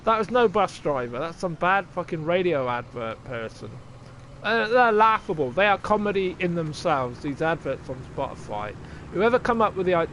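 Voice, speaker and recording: Sweary, sarcastic streamer. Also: male voice, high-pitched, fairly bright tone, a little hiss or hum. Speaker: game streamer. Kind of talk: casual live-stream chat.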